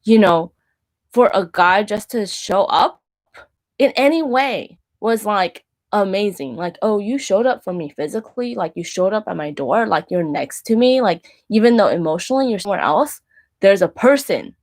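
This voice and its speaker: A woman's voice: medium pitch, lively intonation, normal speed, a little mellow. A woman in her thirties, the show's host, talking candidly about faith and dating and leaning often on "like". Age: 30s. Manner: candid, heavy use of "like". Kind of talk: personal faith talk.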